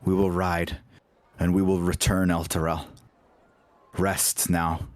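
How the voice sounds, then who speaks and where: A stern young woman leader, as a man puts her on, gives short, solemn orders in a tabletop game. The voice sits low and unhurried. The sound is dry and close. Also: little pitch movement, dry recording. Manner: terse, solemn commands.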